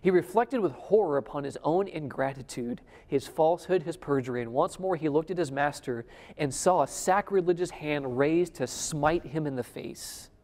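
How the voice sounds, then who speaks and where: A man preaching a sermon at a conference. He swings between loud emphasis and a hushed near-whisper, and he keeps asking the audience questions. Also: fairly high pitch, moderate pace. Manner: addresses the audience directly with questions. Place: conference hall before a live audience. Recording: long hall reverb.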